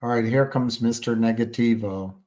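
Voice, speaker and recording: A man's voice: medium pitch, fairly even intonation, normal speed, darkish tone. A man hosting a stock-market livestream, reading viewer comments, rambling and hesitant but emphatic and indignant. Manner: rambling, hesitant, with many fillers and restarts; emphatic and indignant about short sellers.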